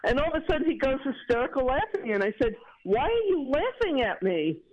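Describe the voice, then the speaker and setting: A woman's voice: sits high, sing-song, fairly quick. A woman calling in to a radio show, chatting and retelling stories with laughter over a dull phone line. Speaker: caller. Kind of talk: casual phone chat.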